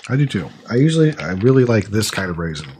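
Eating snacks on his podcast, a man chats loosely and thinks aloud with plenty of fillers. His lowish, darkish voice moves quickly with big pitch swings, and a little hiss or hum sits under the recording.

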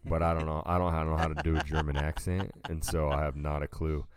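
A man's voice: a bass voice, level tone, fast, a crowd in the background. A man co-hosting a podcast, casually telling a rambling story and calling his listener "dude" a lot. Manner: laid-back, rambling, says "dude" a lot. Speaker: podcast co-host.

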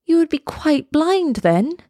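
A woman reading aloud voices a small, devoted male swallow in a high, pleading, tender tone. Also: very animated, takes it slowly, warm tone, no room sound, studio quality, full character voice.

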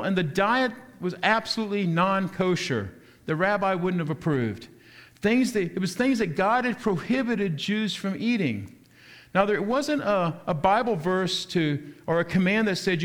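High-voiced man preaching a lively sermon. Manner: lively preaching with rhetorical questions and shifting pace. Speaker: pastor.

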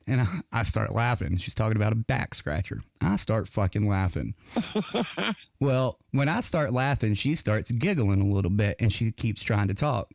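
A man's voice: medium pitch, very animated, normal speed, creaky, no room sound, studio quality. A man co-hosting a casual podcast, telling crude, profane stories and laughing often. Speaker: podcast co-host.

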